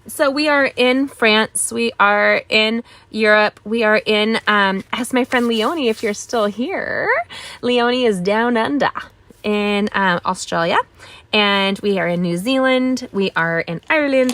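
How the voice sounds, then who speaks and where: A woman's voice: on the high side, a little slow, fairly bright tone, no room sound. A woman, chatting bubbly and straight to viewers as host of a live crafting stream.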